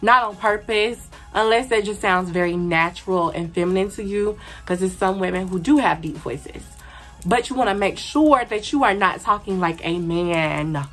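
A woman's voice: mid-range voice, moderate pace, fairly bright tone, faint music behind. A young woman giving blunt, slangy, sassy advice in a casual vlog, repeating her points for emphasis. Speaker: beauty and advice vlogger.

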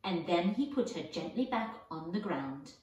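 A woman reading a children's storybook aloud in a gentle, expressive way. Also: lowish voice, unhurried. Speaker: audiobook reader. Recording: echoey, distant mic.

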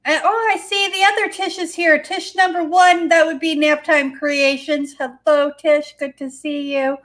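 A woman's voice: sits high, steady tone, normal speed, fairly bright tone. A woman hosting a live painting demo, chatty and folksy, talking to her paint as she works. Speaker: host.

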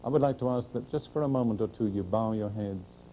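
A man preaching to a congregation in a dark, mellow voice. He stays earnest and direct, asks questions of his listeners, and slows to proclaim scripture. A faint hiss runs beneath the recording. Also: lowish voice, rough recording. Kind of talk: sermon.

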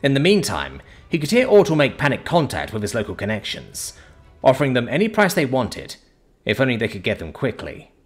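A man reading a science fiction story aloud as narrator, in dramatic, expressive storytelling. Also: mid-range voice, brisk, slightly rough, soft background music. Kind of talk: scripted narration.

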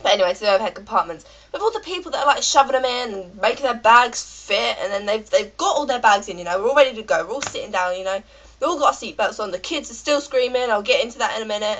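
A woman's voice: fairly high pitch, lively intonation, quick pace, a bit bright, low-quality recording. Chatty British woman with a cold. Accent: British English. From Britain. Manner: rambling, chatty rant with frequent fillers. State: has a cold. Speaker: vlogger. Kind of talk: ranting vlog.

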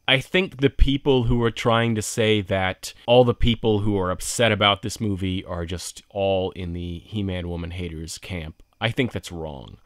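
Low-voiced man giving emphatic vlog commentary. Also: a bit bright, no room sound, studio quality. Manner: emphatic, conversational. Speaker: video commentator.

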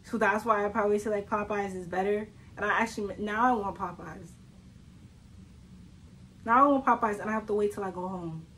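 A woman's voice: mid-range voice, fairly quick, a bit bright, slight background noise, rough recording. A young woman, chatting casually to camera as a vlogger, telling stories with lots of fillers and frequent laughter. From Southern United States. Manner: chatty storytelling, laughs often, many fillers.

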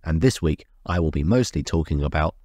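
A man with a cold hosting a channel, calmly talking through tabletop game strategy. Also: rumbling low, brisk, no room sound, studio quality. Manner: earnest, explanatory. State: has a cold. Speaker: YouTube host.

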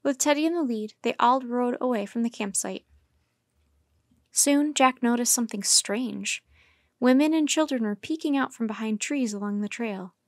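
Woman calmly reading a kids chapter book, slightly high voice, super dry sound. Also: normal speed, no room sound. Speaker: storyteller.

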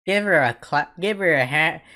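Very low-voiced woman, brash reaction commentary. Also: animated, normal speed, no echo. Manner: loud, profane, mocking, often laughing. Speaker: reaction video host.

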